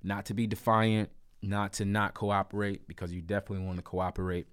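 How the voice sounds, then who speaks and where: A man's voice: fairly low pitch, brisk, smooth, dry recording, clean studio sound. A man casually telling a personal story to camera, emphatic and repeating points for effect. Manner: animated, emphatic, repetitive asides. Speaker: storyteller vlogger.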